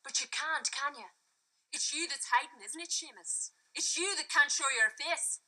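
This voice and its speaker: An actress playing a defiant young Irish woman who fires back sharp, indignant retorts in a Northern Irish accent. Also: high-pitched, moderate pace.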